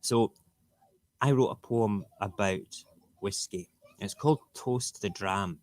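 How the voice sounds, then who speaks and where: A man with a slightly low voice hosts an easygoing morning stream from his dinner table. He talks in animated bursts and repeats phrases, and he reads rhyming verse with obvious relish. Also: slow pace, no echo. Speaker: livestream host. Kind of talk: casual morning livestream chat and poem reading. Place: home dinner table, TV cartoons in the background.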